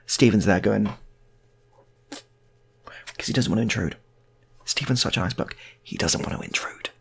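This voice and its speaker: A man's voice: lowish voice, a little slow, gravelly, pauses often, breathy edge. A man telling an improvised comic story, chatty and full of rambling asides.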